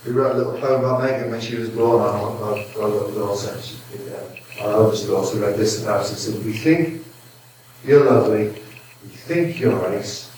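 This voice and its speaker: A man's voice: on the low side, moderate pace, a little mellow, a little hiss or hum. An older man from Merseyside preaching a sermon, telling family stories with humour, chuckling often and restarting his sentences. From Merseyside, England. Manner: humorous, chuckling often, stop-start restarts. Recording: echoey hall, from far off.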